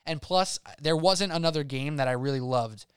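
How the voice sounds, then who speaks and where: A man co-hosts a sports betting podcast, firing off emphatic, rapid-fire picks. His voice is smooth and a touch high. The sound is dry and close. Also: dry recording. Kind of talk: casual sports betting chat.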